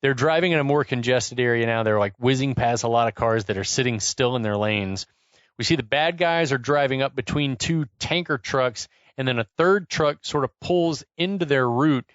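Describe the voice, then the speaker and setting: A man's voice: medium pitch, normal speed, dry recording, muffled recording. A man co-hosting a podcast, animatedly recapping an action movie's chase scene in casual chat, swearing and incredulous. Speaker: podcast co-host.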